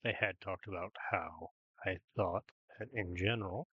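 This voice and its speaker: A man's voice: low-pitched, normal speed, slightly rough, dry recording, narrow, tinny audio. A man hosting a daily gameplay video, thinking aloud in casual commentary with many ums and "right?"s.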